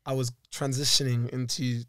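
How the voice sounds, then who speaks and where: A man's voice: medium pitch, flat delivery, normal speed, pushed and bright, no room sound, clean studio sound. A man in his twenties, a barber guest on a casual podcast, teasing and skeptical in banter. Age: 20s.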